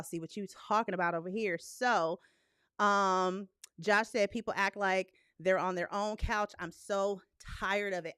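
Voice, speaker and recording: A young woman hosting a live movie talk stream in casual, blunt, profane chat, animated and laughing often. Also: a little high, dry recording, clean studio sound.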